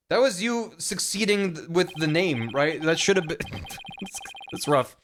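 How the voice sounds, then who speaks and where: A man streaming a game, making quick jokes and asides about what happens on screen. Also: on the high side, animated, a bit bright, faint music behind. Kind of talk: casual game commentary.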